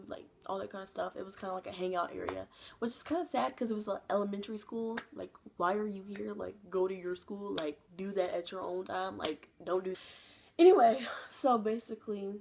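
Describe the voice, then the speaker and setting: A young woman telling a casual storytime, chatty, filling nearly every phrase with "like", laughing often and jumping her pitch when she acts out what others said. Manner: acts out quoted people with jumps in pitch. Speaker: vlogger.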